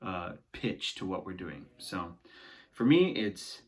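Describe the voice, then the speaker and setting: A young adult man teaching singing, guiding a vocal warm-up and often checking in with "right?". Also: deep voice, sing-song, slow. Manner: encouraging, talks along with exercises, often ends with "right?". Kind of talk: guided vocal warm-up lesson.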